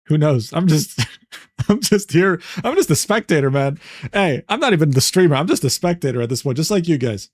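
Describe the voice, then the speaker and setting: High-voiced dude streaming, disbelieving, says bro a lot, dry sound. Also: male voice, lively intonation, fairly quick, darkish tone, no room sound. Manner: incredulous, laughing, slangy. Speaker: streamer reacting to a document. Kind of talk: casual livestream commentary.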